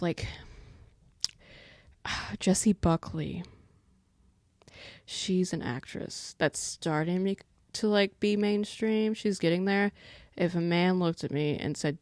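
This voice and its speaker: A woman's voice: on the low side, takes it slowly, long pauses, a little mellow, no room sound, studio quality. A woman in her twenties hosting a casual solo podcast, rambling chattily and breaking off to talk to her pet. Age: 20s. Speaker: podcast host.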